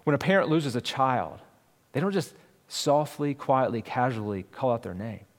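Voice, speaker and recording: Pastor preaching in a reverberant hall. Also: male voice, medium pitch, animated, normal speed. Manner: conversational, storytelling with many restarts and fillers. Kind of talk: sermon.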